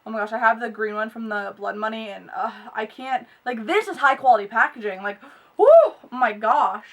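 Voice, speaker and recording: Young woman beauty vlogger, high voice, excitable and gushing, a bit off-mic. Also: brisk, recorded from a distance. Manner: gushing and excitable, gasps and squeals. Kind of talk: unboxing vlog chat.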